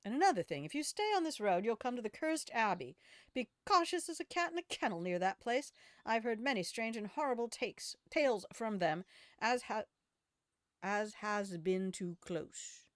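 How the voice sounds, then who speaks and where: Woman doing a high-pitched chatty game trader man. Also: very animated, moderate pace, dry recording, clean studio sound. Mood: cautionary. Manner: old-fashioned storyteller's telling, uses "ye". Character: chatty wandering male trader giving warnings.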